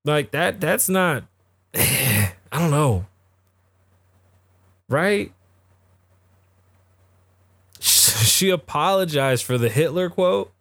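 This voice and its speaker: A man's voice: mid-range voice, dry recording. A man hosting a podcast, giving casual, profane and rambling commentary on the news. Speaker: podcast host.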